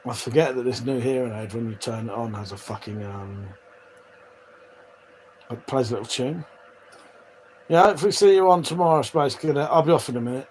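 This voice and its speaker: With a darkish tone and a mid-range voice, a man hosts a livestream, talking a little fast but leaving long pauses. He chats casually, swears a lot, and laughs at viewer comments as he reads them; the audio is poor with slight background noise.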